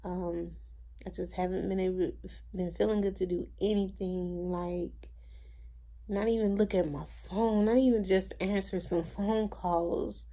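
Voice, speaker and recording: A young woman vlogger, indoors at home, talks a little slowly in a dark, mid-range voice with fairly even intonation. She is tired and low-energy, rambling through a personal story heavy with filler words.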